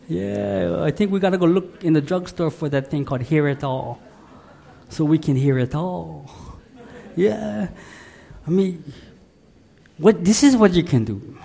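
A man's voice: a little high, dark tone. A man preaching a sermon in a folksy, conversational way, speaking directly to his congregation. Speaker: pastor.

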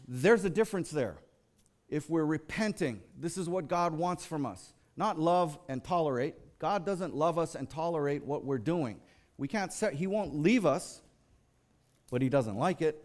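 In his sermon, an American lay preacher talks conversationally and animatedly at normal speed, spinning stories. He voices the people in them, shifting between a hushed low tone and a high, fired-up one.

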